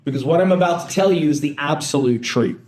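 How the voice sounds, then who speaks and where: A man's voice: a little high, fast talker, a little mellow. A man co-hosting a podcast, speaking in an emphatic, firm way. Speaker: podcast co-host. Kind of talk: casual podcast chat. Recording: roomy echo.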